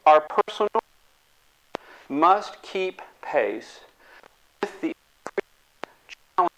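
A man giving a lecture, animated and acting out the voices of the people in his examples. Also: a little high, very slow, a little hiss or hum. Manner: animated, acts out quoted voices.

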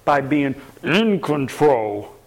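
A man's voice: mid-range voice, very slow. A man giving a live talk on anger to an audience, asking them questions and acting out what people say. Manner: lively, asks the audience questions, acts out quoted voices. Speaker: speaker teaching a workshop on anger.

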